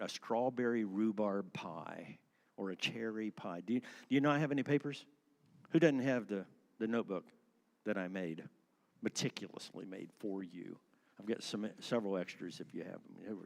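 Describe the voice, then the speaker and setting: A man in his sixties giving a lively church class talk, acting out voices and laughing often. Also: on the low side, vocal fry. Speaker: church speaker on marriage.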